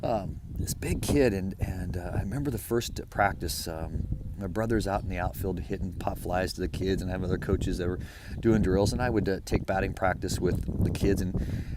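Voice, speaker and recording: A middle-aged man giving an informal sermon, telling a story in a lively, conversational way. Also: low voice, normal speed, heavy background noise. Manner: storytelling, lively and conversational, drops to a hush for quoted dialogue. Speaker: preacher.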